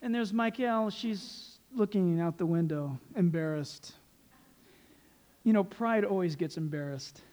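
A man preaching a sermon as pastor, animated and joking, laughing at his own quips. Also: high voice, measured pace.

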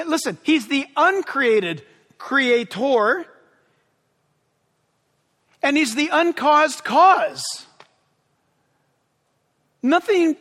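A man preaching a sermon as pastor, impassioned and yelling at times with excitement. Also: extremely high pitch, in a large hall.

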